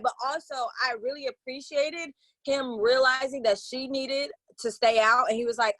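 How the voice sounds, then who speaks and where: A woman co-hosting a podcast, chatting casually with slangy, animated storytelling. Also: sits high, moderate pace, no room sound. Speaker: podcast co-host. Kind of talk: casual chat.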